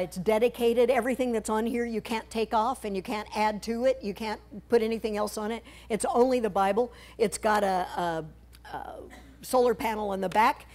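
A woman's voice: medium pitch, darkish tone. A woman speaking to a church congregation about a mission trip, walking through slides in a conversational, humorous way with playful asides. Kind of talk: church talk presenting slides. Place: church sanctuary.

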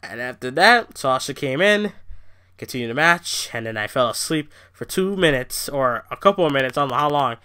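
A man's voice: mid-range voice, expressive, fairly quick, bright, forceful tone, clear, resonant tone. A young man from Canada, ranting profanely and animatedly in a casual review video. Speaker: wrestling review vlogger.

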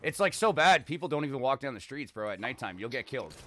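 A man's voice: medium pitch, very animated, fast, sharp tone, slight background noise. A Canadian man chatting casually and profanely with strangers while gaming. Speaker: streamer.

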